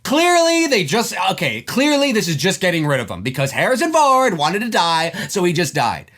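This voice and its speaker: A man's voice: high-pitched, huge pitch swings, normal speed, fairly bright tone. A man giving an emphatic, profane opinion vlog about a film scene, acting out quoted lines as he goes. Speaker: film commentator.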